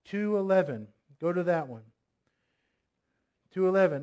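Male pastor, high voice, preaches conversationally, fires questions at the congregation. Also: lively intonation, measured pace, long pauses. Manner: asks the congregation many questions; reads scripture aloud, voicing commands forcefully. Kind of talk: sermon.

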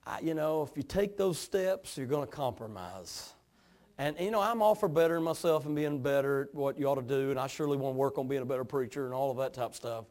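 A middle-aged man from East Tennessee with a hillbilly accent, preaching a sermon in a folksy, drawling manner that moves between quiet storytelling and fervent exhortation. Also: mid-range voice, fast. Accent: East Tennessee Appalachian. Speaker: pastor.

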